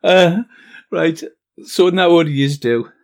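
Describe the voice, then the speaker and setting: Guy running a tabletop game, bit high voice, lots of ums and chuckles. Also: creaky, a little mellow. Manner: halting, full of ums and little laughs. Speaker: game master.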